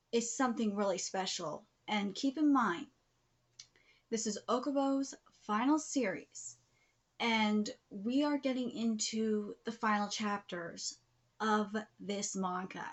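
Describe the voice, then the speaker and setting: A woman in her thirties hosting a live manga reaction video, gushing and emotional, often dropping into breathy whispered exclamations. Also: mid-range voice, slow. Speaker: YouTube manga reaction host.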